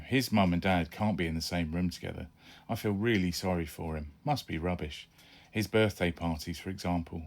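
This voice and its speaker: A man reading his own children's adventure book aloud, narrating chattily in the first person as a young boy. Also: sits low.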